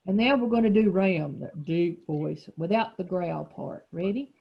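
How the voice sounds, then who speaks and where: A woman's voice: fairly low pitch, unhurried, gravelly, hardly any pauses, slightly rough, dull audio. A woman teacher leading a reading lesson for young children, explaining patiently and encouraging them.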